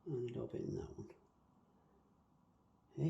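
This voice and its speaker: A man with a mellow, soft-edged voice talks viewers through a hands-on planting tutorial in a casual, chatty way. He hums little nonsense syllables as he works. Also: mid-range voice, normal speed, vocal fry, muffled recording. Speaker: bonsai planting demonstrator.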